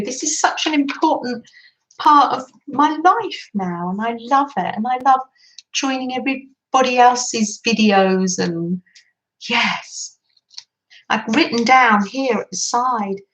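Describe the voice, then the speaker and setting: A woman hosting a live craft stream, chatting gently with viewers, greeting them by name and laughing softly as she works. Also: on the high side, rough recording. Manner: soft frequent laughter. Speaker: craft livestream host.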